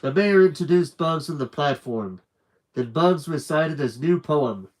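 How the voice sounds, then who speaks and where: A man reading a children's book aloud on a live stream with lively, animated narration and chatty asides. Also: a little high, measured pace, poor audio.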